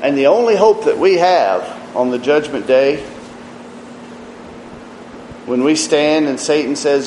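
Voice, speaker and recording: A man preaching a sermon earnestly, rising in emphasis and dropping to quiet, low asides. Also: expressive, reverberant, slight background noise, low-quality recording. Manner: slow, earnest preaching with rises and quiet drops.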